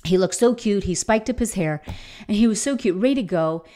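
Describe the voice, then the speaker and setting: A woman's voice: medium pitch, animated, a little fast, dark tone. Earnest middle-aged woman giving faith encouragement. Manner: enthusiastic, earnest storytelling. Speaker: inspirational faith speaker. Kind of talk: motivational faith talk.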